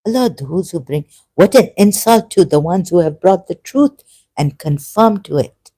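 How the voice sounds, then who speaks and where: A religious commentator delivers an unscripted personal monologue, meandering and halting with many self-corrections. Earnest throughout, he grows emotional and emphatic at times, speaking in an expressive, dark-toned, medium-pitched voice.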